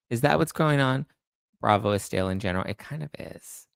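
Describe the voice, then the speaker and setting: A man hosting a pop culture show in casual chat, breaking into high-pitched disbelief. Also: animated, a little fast, creaky, no room sound. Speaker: pop culture podcast host.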